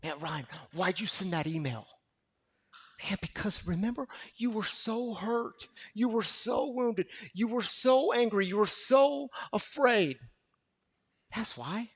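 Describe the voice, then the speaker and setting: A man preaching a sermon to a recovery gathering, impassioned and repetitive, swinging from loud to hushed. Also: sits high, lively intonation, takes it slowly, husky. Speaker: pastor.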